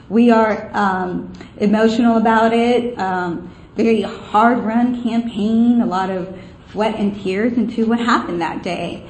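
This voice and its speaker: A woman giving a heartfelt, animated presentation as a campaign advocate. She tells the story with frequent ums. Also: fairly high pitch, unhurried. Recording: echoey room with faint ambience.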